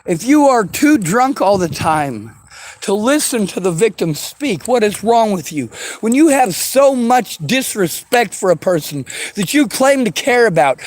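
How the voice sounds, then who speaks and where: A man with a strikingly high voice delivers a raw, furious rant, cursing constantly and breaking into shouts. The sound is dry and close, with no room echo around him. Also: expressive, measured pace. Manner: furious, swearing, often shouting. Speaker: vlogger. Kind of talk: angry profane rant.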